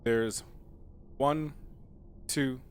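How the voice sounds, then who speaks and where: A man's voice: mid-range voice, fairly even intonation, very slow, clean tone. A man streaming a video game, chatting casually and joking in a rambling, playful way. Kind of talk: casual let's-play commentary.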